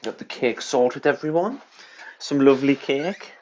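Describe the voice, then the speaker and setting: A man's voice: mid-range voice, a little slow, a little mellow. A man hosting a casual livestream from his home kitchen, rambling and chatty and swearing freely. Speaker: livestream host. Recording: dull lo-fi stream audio, faint hiss.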